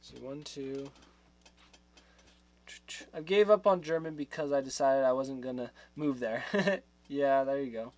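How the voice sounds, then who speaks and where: Male streamer, relaxed unhurried delivery, mid-pitched, chatty with frequent laughs. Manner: chatty, laughs often, trails off. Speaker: livestream host. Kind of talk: casual chat with viewers.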